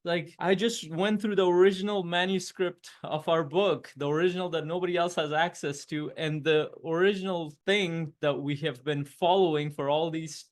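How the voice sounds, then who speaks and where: An elderly head monk, mellow and grieving, speaks with an earnest, pleading urgency, as a man puts him on for a told story. The voice sits noticeably higher than a plain speaking voice and lingers over its words. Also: fairly even intonation, moderate pace, few pauses, lightly acted. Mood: distraught.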